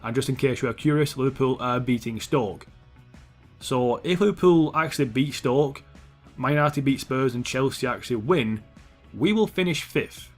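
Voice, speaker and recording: A young man commentating his own football video game match, swearing often and shouting at the players on screen. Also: mid-range voice, animated, moderate pace, faint music behind. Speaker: gaming YouTuber. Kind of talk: gameplay commentary.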